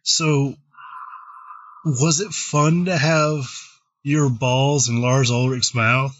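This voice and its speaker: A man in a casual chat making crude deadpan jokes. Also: mid-range voice, very slow, dull audio, slight background noise.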